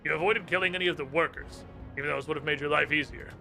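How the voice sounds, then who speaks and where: A stern, judging knight leader, read out by a man in a quick, flat delivery. The voice sits a little lower than his own, bright and forward, with faint game music underneath. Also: creaky. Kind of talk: reading game dialogue aloud.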